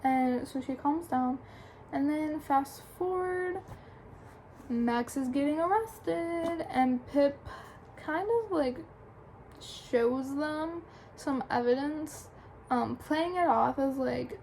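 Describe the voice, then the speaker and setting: High-voiced young woman recapping a book. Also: slow, darkish tone, a little hiss or hum, rough recording. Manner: chatty, full of "like" and "um" fillers. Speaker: book reviewer. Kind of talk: casual plot recap.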